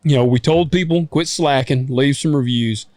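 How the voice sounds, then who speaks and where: A relaxed man hosts a casual talk podcast, joking and reading listener reviews. His voice sits at an ordinary middle pitch. The sound is dry and close, with no room echo. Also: moderate pace. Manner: easygoing, reads listener reviews aloud with banter. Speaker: podcast host. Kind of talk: casual chat.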